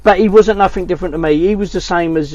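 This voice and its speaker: A man's voice: high-pitched, fast talker, a little mellow, no echo. A middle-aged man who tells stories in a blunt, plain-spoken way during a casual chat. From England. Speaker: boxing coach and cab driver, guest. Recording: dull lo-fi sound with faint music.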